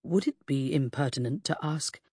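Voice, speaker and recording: A soft-spoken, courteous former army officer, voiced by a woman narrator, formal and a little sad in his audiobook scenes. The husky voice sits close on a dry mic. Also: a little high, normal speed, no room sound. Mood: gentle. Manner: formal and gentle.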